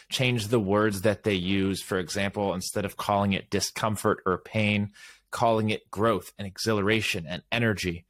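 A man's voice: fairly low pitch, fairly bright tone. A man from Florida hosting an interview, asking questions and affirming his guest. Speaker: podcast host. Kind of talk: conversational interview.

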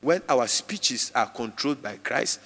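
A man preaching a live sermon to a congregation, emphatic and repetitive, his voice jumping suddenly in pitch and loudness. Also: lively intonation, unhurried. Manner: repeats phrases for emphasis. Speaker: pastor. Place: church hall with congregation. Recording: long reverb of a large church hall.

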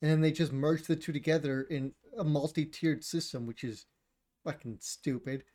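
A man's voice: a little high, steady tone, normal speed, darkish tone. Blunt, opinionated man chatting about games. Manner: blunt, opinionated, swears, laughs often. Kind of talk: casual chat about video games.

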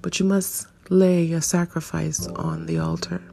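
A woman in her fifties hosting a reflective solo monologue, searching and questioning herself, with soft laughs. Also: fairly low pitch, sing-song, measured pace, creaky, faint music behind. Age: 50s. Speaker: podcast host.

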